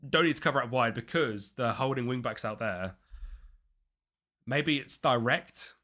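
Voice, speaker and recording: A man's voice: medium pitch, a little slow, bright, forceful tone. A man chatting as he streams a football management game, reacting to the match and his chat. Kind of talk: live gameplay commentary.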